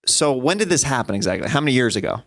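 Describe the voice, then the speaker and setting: A man hosting a podcast, talking in a rambling, self-deprecating way with halting restarts. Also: mid-range voice, sing-song. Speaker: podcast host. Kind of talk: casual chat.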